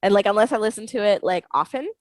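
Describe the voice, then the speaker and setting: A chatty woman co-hosting a podcast, rambling along and breaking into giggles and goofy noises. Her voice sits at an ordinary middle pitch. The sound is close and dry, with no room around it. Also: quick pace, darkish tone, dry recording, rough recording. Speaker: podcast co-host. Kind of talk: casual chat.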